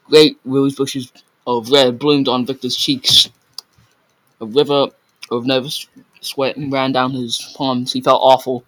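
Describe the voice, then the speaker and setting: A man reads a story aloud in a loose, unpolished way. His voice is bright and forceful. He stumbles on hard words and corrects himself as he goes. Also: mid-range voice, low-quality recording. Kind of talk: casual read-aloud of a story.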